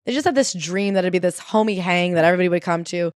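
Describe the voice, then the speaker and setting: A woman co-hosting a casual book-club podcast, jokey and animated, reading quotes aloud. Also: lowish voice, quick pace, dry recording, clean studio sound. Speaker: podcast co-host.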